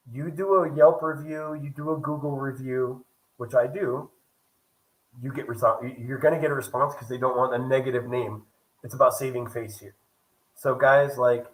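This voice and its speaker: A man's voice: medium pitch, rough recording. A young man vlogging casually, telling a story and acting out the other people's lines as he goes. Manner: animated, acts out quoted dialogue. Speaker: travel vlogger.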